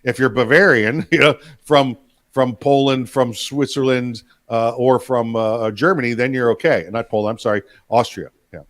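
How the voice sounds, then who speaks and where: A man's voice: mid-range voice, steady tone, normal speed. A man co-hosting a political talk show, chatty and jokey, often trailing into fillers. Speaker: co-host.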